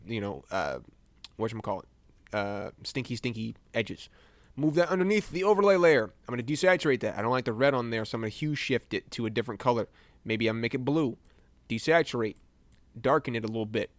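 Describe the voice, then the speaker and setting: A man's voice: mid-range voice, no room sound. A young American man chatting casually while he edits images live for a stream, rambling, joking at himself and laughing often. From United States.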